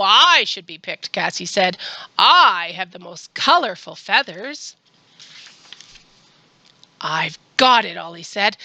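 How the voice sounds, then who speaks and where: A woman's voice: medium pitch, sharp tone, dry recording. A woman librarian leading a children's storytime, reading a picture book aloud and asking the children coaxing questions.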